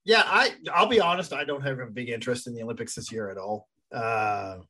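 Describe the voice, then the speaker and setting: A man chatting on a hockey podcast with a middle-pitched voice. He rambles, circles back and fills pauses with "uh" and "um." His tone is loose and offhand. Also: sharp tone. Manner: rambling, hesitant, laughs often. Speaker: podcast co-host. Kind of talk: casual sports chat.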